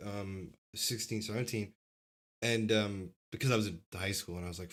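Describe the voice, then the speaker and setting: Man, podcast co-host, rapid profane storytelling, lowish voice. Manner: rambling, profane, fast storytelling. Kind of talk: casual chat.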